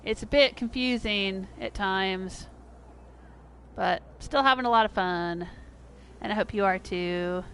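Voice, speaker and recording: A middle-aged American woman chatting casually on a game livestream. She laughs often and jumps to a high pitch when she is surprised. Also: a little slow, fairly bright tone, slight background noise. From United States. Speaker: game streamer.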